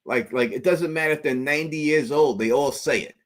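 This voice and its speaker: Excitable livestream host, a man. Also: on the high side, brisk. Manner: animated, laughs often, stammers through restarts. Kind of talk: casual call-in chat.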